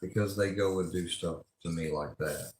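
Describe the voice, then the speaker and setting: Deep-voiced man ranting profanely. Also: fairly even intonation, normal speed, reverberant. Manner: angry, profane, rambling rant. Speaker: livestreamer. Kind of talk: ranting livestream monologue.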